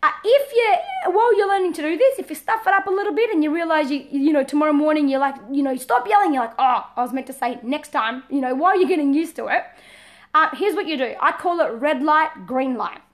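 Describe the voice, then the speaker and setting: Aussie lady parenting coach, high voice, talks fast and loose, lots of restarts. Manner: lively, repeats words and restarts, laughs often. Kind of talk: casual talk to camera.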